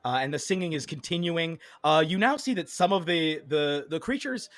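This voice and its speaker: A man's voice: fairly high pitch, lively intonation, normal speed, fairly bright tone, no echo. Man narrating a tabletop game. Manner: casual, hesitant with many uhs and likes. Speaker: game master.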